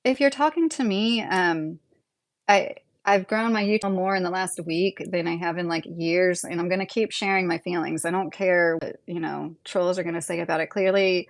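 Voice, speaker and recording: Blunt woman in her thirties, live-streaming. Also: fairly low pitch. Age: 30s. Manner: opinionated, blunt, talks straight to commenters. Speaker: livestream host reading chat. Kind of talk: casual live-stream commentary.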